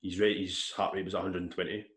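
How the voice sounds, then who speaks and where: Guy rattling off a story, swears a lot, kinda low voice, roomy echo. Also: quick pace. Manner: rambling, animated retelling with swearing and restarts. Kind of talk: casual storytelling chat. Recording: echoey room.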